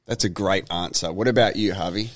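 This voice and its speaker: A man's voice: low voice, brisk. A man with an Australian accent hosting a casual podcast interview, friendly and encouraging. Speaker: podcast host.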